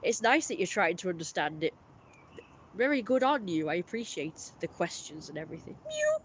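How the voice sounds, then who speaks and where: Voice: medium pitch, lively intonation, a little fast, a little hiss or hum. Rambling, chatty streamer. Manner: rambling, self-correcting, friendly. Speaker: livestream host. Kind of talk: casual livestream chat, reading viewer messages.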